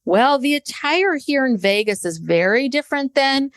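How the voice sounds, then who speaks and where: Lively indignant woman podcaster. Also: high-pitched, normal speed, no room sound, clean studio sound. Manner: animated, indignant, swears freely. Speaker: podcast co-host. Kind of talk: casual podcast chat.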